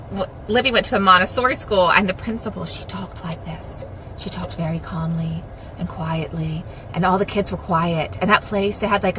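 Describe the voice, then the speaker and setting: Bright, chatty woman. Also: fairly high pitch, a little hiss or hum, low-quality recording. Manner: chatty, self-deprecating, animated asides. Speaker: Christian vlogger. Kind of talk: casual devotional talk to camera.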